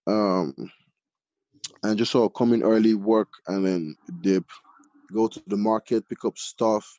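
A man from Nigeria, a chef, telling his story casually in an interview, animated and full of fillers. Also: fairly low pitch, unhurried, no room sound. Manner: animated, many fillers like "like" and "you know". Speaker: chef, podcast guest. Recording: dull lo-fi audio.

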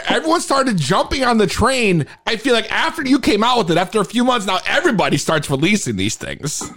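A man hosts a casual podcast interview with a high, lively voice that leaps up and down. He is excitable, quick to laugh and swears freely as he chats. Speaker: podcast host.

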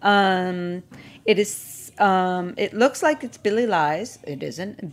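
A woman's voice: mid-range voice, slow, faint music behind. A woman, a guest on a podcast, talking in an enthusiastic, rambling and playful way. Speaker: guest, cake designer. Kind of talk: casual interview chat.

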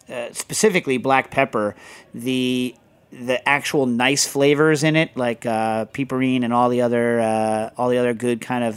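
Male podcast co-host, chatty and digressive, middle-pitched, easygoing tangents. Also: clean tone. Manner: rambling, digressive, heavy on fillers. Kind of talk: casual chat.

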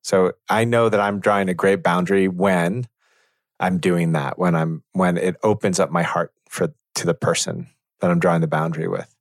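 A man teaching in a reflective conversation, measured and thoughtful, pausing to find his words. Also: sits low, steady tone, no echo, clean studio sound.

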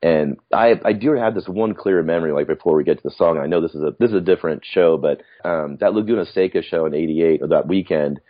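Brief: middle-aged male podcast guest, deep voice, reflective storyteller, muffled recording. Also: fast, hardly any pauses. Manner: rambling, reflective, with frequent restarts. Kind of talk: casual storytelling chat.

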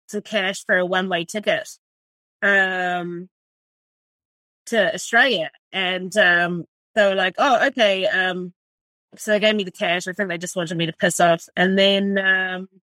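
A woman's voice: medium pitch, pushed and bright, no echo. A woman in her forties from New Zealand, with a New Zealand accent, telling her story as a chef in a blunt, swear-filled, casual way, full of "like". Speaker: chef and restaurant owner.

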